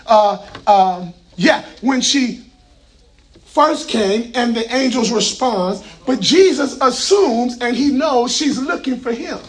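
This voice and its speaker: A male pastor preaching a sermon in a fervent call-and-response style, often shouting and coaxing the congregation with folksy asides. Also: extremely high pitch, expressive, takes it slowly, poor audio. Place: church sanctuary with congregation.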